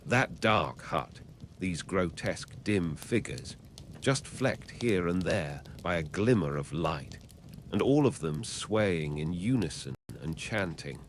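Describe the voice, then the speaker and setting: A man reading a classic novel aloud as an audiobook narrator, in a measured, even storytelling manner. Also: deep voice, a little hiss or hum.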